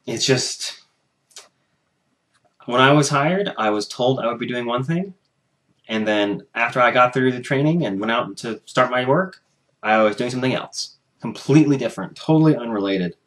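A man's voice: medium pitch, normal speed, fairly bright tone. A young man from the United States in a casual vlog, venting angrily about his job and swearing as he talks to his camera at home. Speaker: vlogger.

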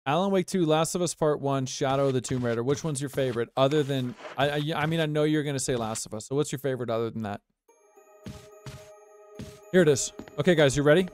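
A man's voice: mid-range voice, fast, darkish tone, soft background music. An American man giving live gameplay commentary as a streamer, chatty and reactive, talking to his viewers and yelping when startled. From United States.

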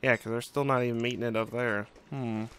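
A man's voice: medium pitch, fairly even intonation, brisk, a bit bright, slight background noise. A young man casually commenting on his own gameplay, musing and thinking aloud with frequent fillers. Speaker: let's play host.

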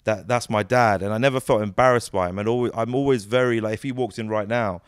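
A British man in his thirties, a comedy actor, chatting as an interview guest in an animated, storytelling way. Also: on the low side, fast, clear, resonant tone. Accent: British English. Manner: animated, storytelling, many "you know"s. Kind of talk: casual interview chat.

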